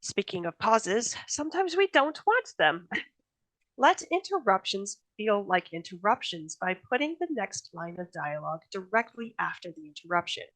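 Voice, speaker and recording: A woman's voice: mid-range voice, sing-song, a little slow, fairly bright tone, poor audio. A woman author giving a recorded workshop presentation on writing, in a chatty, friendly teaching tone that laughs easily.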